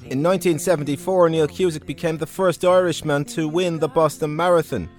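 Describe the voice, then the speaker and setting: A man presenting a radio documentary, narrating from a script in a steady, measured way. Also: fairly high pitch. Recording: dry studio voice over faint music.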